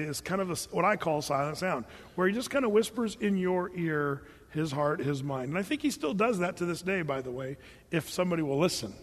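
A man with a high voice preaches a lively sermon, cracking jokes and acting out the voices in the story. His voice carries a long hall reverb. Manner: animated, joking, acts out quoted voices. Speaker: pastor.

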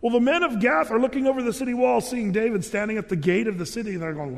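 A man delivers a sermon with a high, bright-toned voice. He tells the story with lively energy and slips into the characters' voices as he goes. His words ring out with a long reverb off the walls of a church hall. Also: quick pace, vocal fry, few pauses. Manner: storytelling, acting out voices with rising pitch. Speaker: pastor.

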